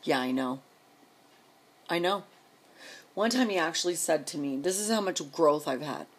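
Husky low-voiced woman ranting to the camera, fed up, rambling and sarcastic. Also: animated, normal speed. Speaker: vlogger. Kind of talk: venting rant to camera.

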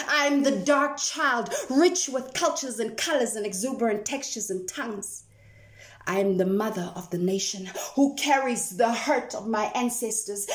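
A woman performing her spoken-word poetry dramatically, shifting between hushed whispers and bold declarations. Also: high voice. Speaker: poet. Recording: roomy echo.

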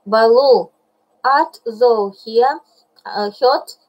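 A woman voicing a big, grave and kindly male bear in a storybook reading, speaking slowly. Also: fairly high pitch, highs cut off. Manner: slow and grave.

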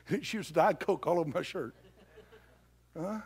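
Impassioned preaching man, fairly high voice. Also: brisk, slightly rough. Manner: impassioned preaching, swings from shouting to hushed. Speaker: pastor. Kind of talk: sermon.

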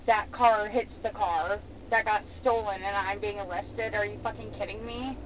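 A young woman being arrested, pleading, shouting and crying erratically, recorded on a police bodycam. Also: mid-range voice, steady tone, normal speed, low-quality recording. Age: young adult. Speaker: arrested driver. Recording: loud vehicle noise on a bodycam.

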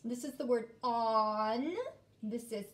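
A woman teaching an early-grade phonics lesson, clearly sounding out letters and inviting children to repeat after her. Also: on the high side, fairly even intonation, takes it slowly.

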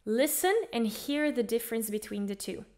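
A woman's voice: fairly high pitch, moderate pace, a little mellow. A woman teaching an online singing lesson, explaining things in an upbeat way and demonstrating with her own voice. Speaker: vocal coach.

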